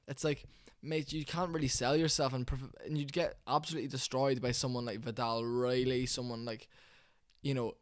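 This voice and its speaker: A man's voice: mid-range voice, flat delivery, normal speed, no echo, clean studio sound. A man giving rambling, candid boxing commentary at home, full of fillers and restarts. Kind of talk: casual opinionated commentary. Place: warm room at home.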